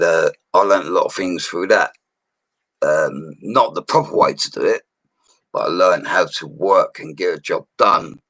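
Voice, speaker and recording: A man's voice: a bass voice, a bit bright, no room sound, rough recording. A man of forty with a London accent, telling stories about his bricklaying work in a casual, blunt way. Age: 40s. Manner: chatty and blunt, with slang and mild swearing. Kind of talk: casual storytelling livestream.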